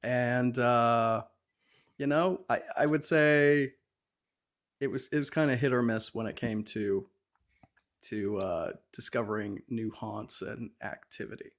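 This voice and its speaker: A man's voice: mid-range voice, steady tone, slow pace. A man guest on a radio talk show, talking in a casual, hesitant way. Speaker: paranormal investigator guest.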